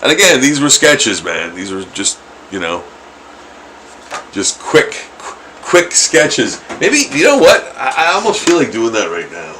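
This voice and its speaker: A man's voice: mid-range voice, wildly swooping pitch, moderate pace, sharp tone, a little hiss or hum, poor audio. Rambling, chuckling male artist. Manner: rambling, chuckling, many fillers and restarts. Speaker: artist streaming his drawing. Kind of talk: casual chat while drawing.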